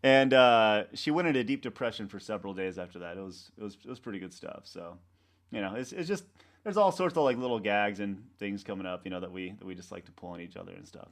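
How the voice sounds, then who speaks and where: A man, a website co-founder, talking in a casual interview, rambling and halting with many restarts and fillers. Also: fairly low pitch, gravelly. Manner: animated storyteller acting out coworkers' lines.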